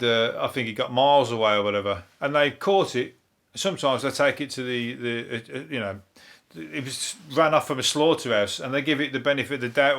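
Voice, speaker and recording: A man's voice: mid-range voice, a bit bright. Rambling, sweary Birmingham man. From Birmingham, England. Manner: rambling, sweary, chuckles to himself. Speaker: podcast host and comedian. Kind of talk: casual solo podcast chat.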